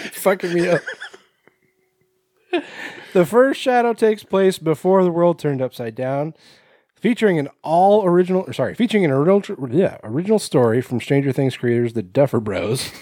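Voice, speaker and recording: Guy podcast host reading news out loud, trips over words, swears, laughs a lot, lively pitch, dry close mic. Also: normal speed, no echo. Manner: laughing, profane, stumbles while reading. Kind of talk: casual chat, reading news aloud.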